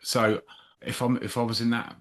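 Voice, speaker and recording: A man's voice: mid-range voice, flat delivery, normal speed, a bit bright. A man hosting an interview, asking supportive questions with frequent restarts. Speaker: podcast host.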